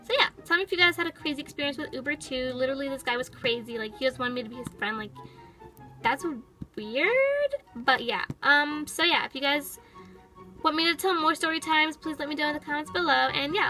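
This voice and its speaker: Woman doing a sassy pet toy girl, high bright voice, valley-girl "like" chatter, toy storytime. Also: expressive, fairly quick, faint music behind, heavily acted, poor audio.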